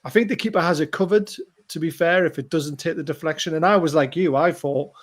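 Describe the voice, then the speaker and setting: A man co-hosting a football podcast, telling match stories in an animated, excitable way. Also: a little high, brisk. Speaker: podcast co-host. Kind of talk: casual football chat.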